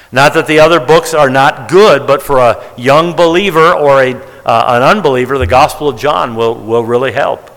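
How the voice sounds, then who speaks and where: A man's voice: medium pitch, a bit bright. A man preaching as a Bible teacher, stressing key words emphatically as he counts out figures. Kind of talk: sermon-style Bible teaching. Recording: long reverb of a large hall.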